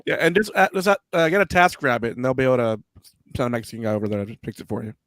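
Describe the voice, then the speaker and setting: Guest comic, male, mid-pitched, dry close sound, laid-back interjections. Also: quick pace, a bit bright, dry recording. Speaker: guest comedian. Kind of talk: casual comedy chat.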